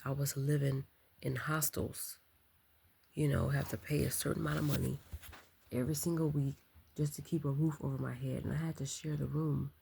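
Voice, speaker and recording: A woman talking in a casual late-night vlog, keeping her voice low and soft, reflective and full of ums and likes. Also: vocal fry, a little hiss or hum. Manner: speaking softly and low to keep quiet. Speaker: vlogger.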